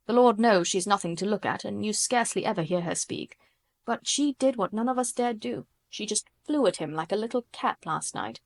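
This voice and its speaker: Narrator voicing a talkative middle-aged housekeeper, respectful but gossipy. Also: female voice, mid-range voice, no echo. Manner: chatty, amazed, respectful.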